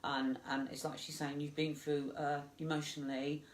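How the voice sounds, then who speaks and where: A woman medium giving a live psychic reading, gentle and reassuring, halting with many fillers. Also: low-pitched, little pitch movement. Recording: echoey room.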